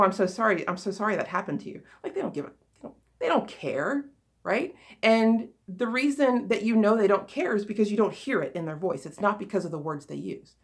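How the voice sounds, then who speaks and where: A woman giving a casual spoken talk as a spiritual coach, rambling with many fillers and restarts, earnest and encouraging. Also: medium pitch.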